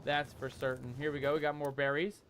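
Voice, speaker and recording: High-voiced, jumpy gaming streamer man. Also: a little fast, a little hiss or hum. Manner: jumpy, excitable, loud when scared; calls viewers "mateys". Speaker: gaming YouTuber. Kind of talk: let's play commentary.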